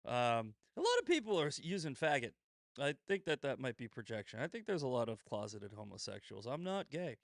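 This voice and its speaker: A man's voice: medium pitch, sing-song, moderate pace, a bit bright, no echo, clean studio sound. A man hosting a casual commentary show, swearing freely, sarcastic, often breaking into laughter. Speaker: host.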